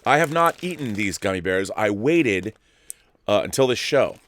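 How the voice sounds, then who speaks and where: A man's voice: fairly low pitch, expressive, normal speed, a bit bright. A middle-aged man hosting his own livestream show, chatting casually with playful, grandiose asides and rambling tangents. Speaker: show host. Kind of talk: casual solo livestream chat.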